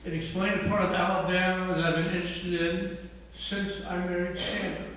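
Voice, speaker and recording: A man's voice: high-pitched, level tone, a bit bright. An older man, an author telling self-mocking stories to an audience in a large hall. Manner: anecdotal, self-mocking, drawn-out delivery. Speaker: author speaking at an event. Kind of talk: humorous storytelling talk. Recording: echoey hall, distant mic, faint noise.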